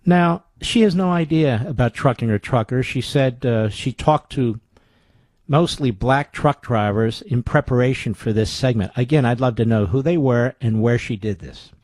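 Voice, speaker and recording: A man's voice: mid-range voice, normal speed, darkish tone, no echo. Sarcastic, combative male radio talk host. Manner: sarcastic, combative, fires rhetorical questions.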